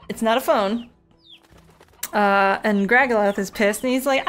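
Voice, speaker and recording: A woman streaming a game, chatting away in an animated, storytelling way. She swears freely and keeps a medium pitch. Her talk stays loose and unscripted. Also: unhurried, pauses often, faint music behind. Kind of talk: casual gameplay commentary.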